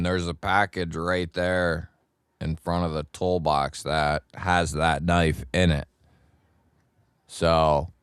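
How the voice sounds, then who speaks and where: Casting note: unhurried man with a deep, smooth voice, a chummy livestream host, dry close sound. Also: dry recording. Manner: greets chat viewers by nickname, laid-back and chummy. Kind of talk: casual live chat with viewers.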